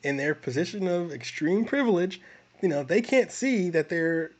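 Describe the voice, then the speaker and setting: A man co-hosting a film review podcast, talking in an animated way with frequent laughs and restarts. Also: high voice, moderate pace. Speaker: podcast co-host. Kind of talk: casual film review chat.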